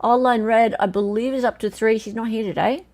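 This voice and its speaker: A woman's voice: a little high, steady tone, a little fast, a little mellow. An Australian woman hosting a casual livestream, chatting, laughing and reading out quiz questions and viewers' names. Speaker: livestream host.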